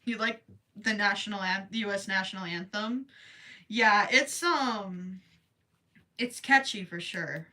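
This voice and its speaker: A woman's voice: mid-range voice, unhurried, pushed and bright. A young woman with a Minnesotan accent, chatting and giggling on a livestream while she crochets, tired and worried about losing her voice late at night. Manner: giggly, chatty, reading viewer comments aloud. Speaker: livestream host.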